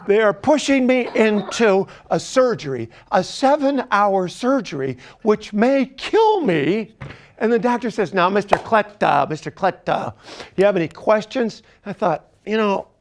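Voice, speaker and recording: A middle-aged man doing storytelling stand-up comedy, deadpan, dropping at times to a whisper. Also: high voice. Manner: deadpan, animated, drops to whispers.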